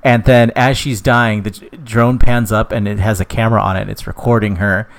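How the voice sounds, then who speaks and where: A man's voice: on the low side, flat delivery, normal speed. A young man co-hosting a podcast, telling a rambling, jokey story in casual chat and laughing often. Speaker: podcast co-host.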